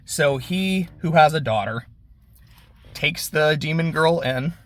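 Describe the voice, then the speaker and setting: A man's voice: a little high, lively intonation. A man casually recapping an anime episode, swearing and briefly acting out the characters. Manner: laid-back, swears, acts out characters in quick voices. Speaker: anime reviewer. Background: lawnmower.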